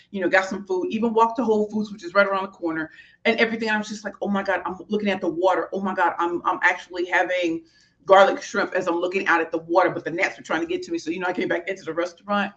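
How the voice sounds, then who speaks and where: A woman's voice: lowish voice, highs cut off. A woman, a motivational speaker and author, talking heartfelt and rambling to viewers in an emotional live stream from a small hotel office. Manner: effusive, heartfelt, rambling with fillers.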